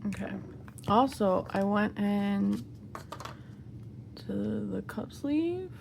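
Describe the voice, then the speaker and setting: A young woman gushes and giggles while unboxing albums in a casual vlog, giddy with excitement and laughing often. Her mid-range voice is expressive and creaky, she talks at a slow pace, and there's noise in the background.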